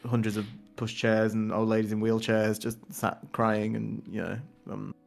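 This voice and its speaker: A man's voice: fairly low pitch, little pitch movement, moderate pace, vocal fry, soft background music. Self-mocking jokey man co-host. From northern England. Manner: self-deprecating, jokey, acts out quotes. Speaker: podcast co-host. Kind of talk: casual chat.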